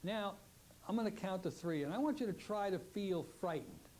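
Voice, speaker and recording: A man teaching a hypnotherapy technique, giving slow, drawn-out suggestions and acting out the client's replies. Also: sits high, lively intonation, darkish tone. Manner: acts out client and part voices in quick exchanges. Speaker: hypnotherapy instructor. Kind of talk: teaching lecture with demonstrations.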